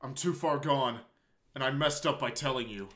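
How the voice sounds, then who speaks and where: Brief: man reading as a shy teen girl in a visual novel, tearful, halting, bright edge. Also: medium pitch, close to an everyday voice. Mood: anguished. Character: shy, anguished teenage girl.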